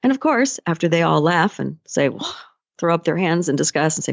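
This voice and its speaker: A female life coach tells stories casually on her solo motivational podcast, speaking very animatedly and a little fast at a fairly low pitch. Her gravelly, fry-laden voice is recorded close and dry with no echo, and the audio sounds muffled and lo-fi.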